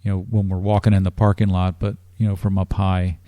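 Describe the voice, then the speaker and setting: A man as a guest on a radio interview, explaining things in a measured way with frequent restarts. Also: low-pitched, little pitch movement, mellow, dry recording. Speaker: drum corps staff guest.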